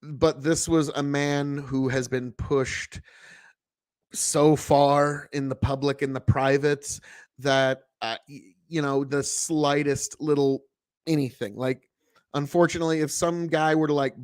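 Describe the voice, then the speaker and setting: A man's voice: on the high side, flat delivery, measured pace, smooth, no room sound. A man hosting a casual talk show, giving blunt commentary full of swearing and rambling asides. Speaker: podcast host.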